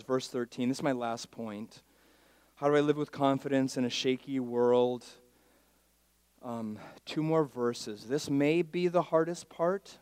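A male pastor preaching a sermon who reads scripture loudly and fervently, then drops to hushed, intimate asides, often asking his congregation "all right?". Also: medium pitch, clear, resonant tone, no echo. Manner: addresses the congregation directly with frequent "all right?".

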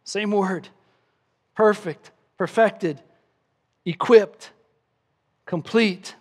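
Pastor, male, high-pitched voice, emphatic sermon delivery with scripture readings. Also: extremely slow. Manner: emphatic preaching, acts out a crying baby with shouts; reads scripture aloud.

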